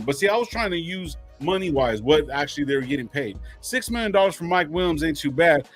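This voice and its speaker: High-voiced man rambling about the team. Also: expressive, a little fast, few pauses, soft background music. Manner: profane, rambling, works through numbers. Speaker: podcast co-host. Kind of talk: casual sports talk.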